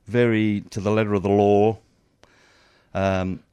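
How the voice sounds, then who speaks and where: A man's voice: fairly low pitch, flat delivery, unhurried, dark tone, clear, resonant tone, no echo, muffled recording. Hesitant man quizzing his co-host. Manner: quizzing, hesitant with many ums. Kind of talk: casual sports chat.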